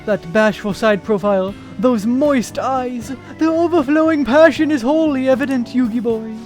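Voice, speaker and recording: A man's voice: very high voice, moderate pace, darkish tone, faint music behind. A man reading a pompous, grandiose young male artist aloud on stream, with theatrical, flowery speech.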